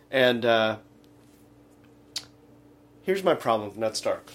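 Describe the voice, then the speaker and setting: A man co-hosting a comedic radio talk show, retelling scenes in a rambling, halting way full of fillers. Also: mid-range voice, big pitch swings, fairly bright tone. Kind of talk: casual comedic chat.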